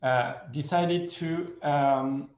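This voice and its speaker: A man with a French accent presents slowly and haltingly, pausing often on "uh" as he works through his points. He speaks a second language with a mid-range voice. The sound carries a roomy echo from a video call. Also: fairly high pitch, steady tone, darkish tone. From France. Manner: hesitant, many fillers, laughs at himself. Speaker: guest speaker, lawyer and professor. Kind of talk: conference presentation.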